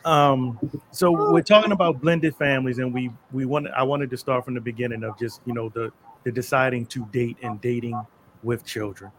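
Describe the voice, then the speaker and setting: Man hosting a relaxed live show. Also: medium pitch, a little fast, slight background noise. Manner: loose, rambling, with fillers and shout-outs. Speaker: podcast host. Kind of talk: casual live show talk.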